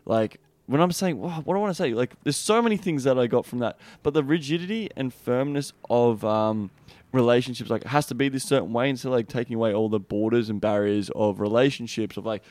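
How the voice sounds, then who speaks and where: A man's voice: medium pitch, quick pace, a little mellow, no room sound. An Australian man hosting a podcast, chatting loosely and jokingly, swearing often with lots of "like" fillers. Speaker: podcast host. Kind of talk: casual chat.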